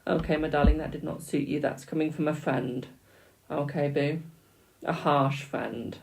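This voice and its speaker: A man's voice: a little high, steady tone, normal speed, gravelly, low-quality recording. A man in his twenties on a live stream reading tarot cards, chatty and teasing, calling every viewer "my darling". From United Kingdom. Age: 20s. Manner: chatty, calls viewers "my darling", laughs and teases. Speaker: tarot reader. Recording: loud keyboard clicks and typing.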